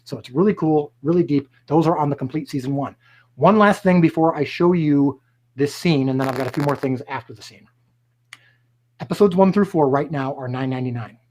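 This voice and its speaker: A man hosting a live stream, making upbeat, emphatic promotional announcements and slowly repeating key points. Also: fairly high pitch, darkish tone, low-quality recording.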